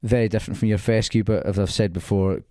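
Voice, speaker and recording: A man's voice: on the low side, fairly even intonation, fast, warm tone, no room sound, clean studio sound. A man, a golf links manager, chatting casually on a podcast and telling stories with many restarts. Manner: chatty, storytelling, frequent restarts.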